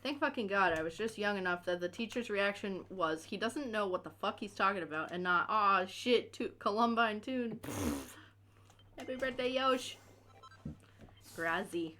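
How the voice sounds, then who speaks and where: A woman's voice: mid-range voice, a little slow, sharp tone. A woman co-hosting a let's play, telling crude jokes, laughing often and acting out quotes in a mock voice. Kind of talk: casual gaming banter.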